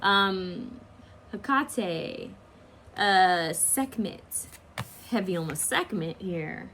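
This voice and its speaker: A woman's voice: mid-range voice, animated, very slow, fairly bright tone, a little hiss or hum. A woman giving a casual pick-a-card tarot reading, chatty and rambling with slangy asides.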